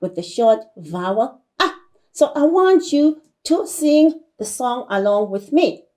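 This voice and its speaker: A woman's voice: a little high, big pitch swings, unhurried, mellow. A woman teacher from South Africa giving a broadcast lesson to young children, repeating words and coaxing the class with frequent "all right" and "okay".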